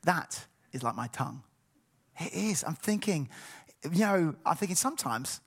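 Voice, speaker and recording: A middle-aged man preaching a sermon, telling personal stories with animated, acted-out dialogue. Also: a little high, normal speed, creaky, slightly rough. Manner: animated storytelling, acts out voices.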